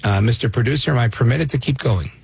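Gravelly, husky talk-radio host. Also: male voice, mid-range voice, fast talker, darkish tone, dry recording. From Brooklyn, New York. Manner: emphatic, restarts and rhetorical "right?".

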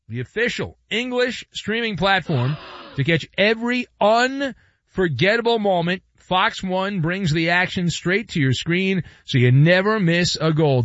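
A man's voice: high-pitched, fairly bright tone, no room sound, highs cut off. A man hosting a radio show, talking in a theatrical, playful way and reading live ads. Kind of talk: bombastic talk radio with live ad reads.

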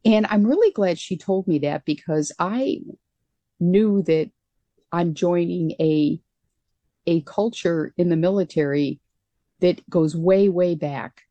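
A woman guest on a radio interview recalls her time as a military pilot in an earnest, reflective way. Her voice sits fairly low with a soft, mellow tone. The sound is close and dry. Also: takes it slowly, no echo, dull audio.

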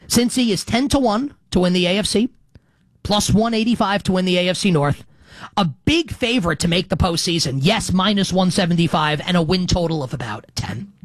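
A man's voice: sits high, expressive, a little fast, no echo. Rambling middle-aged man hosting sports talk. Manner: rambling, self-correcting, conversational. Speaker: sports betting show host. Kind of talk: casual sports talk monologue.

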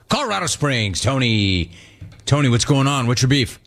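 Brief: male talk-radio host, mid-pitched, energetic, slangy, riffing between calls. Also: moderate pace.

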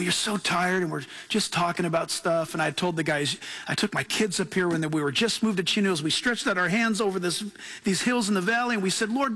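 Man, pastor, sermon, high voice, storytelling with laughs. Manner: storytelling, laughing, animated asides.

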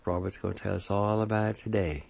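A calm man hosting, introducing a storyteller to a gathered group at an unhurried pace. His voice sits lowish. The recording is dry, dull and lo-fi. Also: creaky, no room sound. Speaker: host.

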